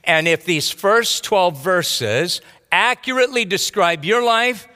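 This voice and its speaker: A man preaching a sermon as a pastor, telling stories between points in an animated way. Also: high voice, takes it slowly, smooth, long reverb tail. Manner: animated preaching with storytelling asides.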